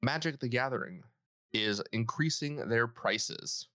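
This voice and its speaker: A man's voice: mid-range voice, unhurried, a bit bright, no room sound, clean studio sound. A man co-hosting a casual gaming podcast, bantering playfully and poking fun at himself. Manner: playful, self-mocking banter. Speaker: podcast co-host.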